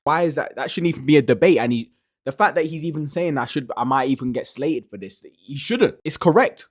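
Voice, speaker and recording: A man's voice: a little high, expressive, brisk, no echo, clean studio sound. A man hosting a podcast, giving casual, emphatic reaction commentary and often restarting his sentences. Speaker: podcast host reacting to a clip.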